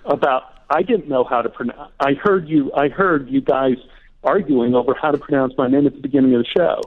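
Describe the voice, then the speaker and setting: A man in his sixties, an actor and author, who tells stories in a chatty, unhurried way as a radio guest. His voice comes through a thin, phone-like line. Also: medium pitch. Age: 60s. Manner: warm storyteller, chatty. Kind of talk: casual interview storytelling.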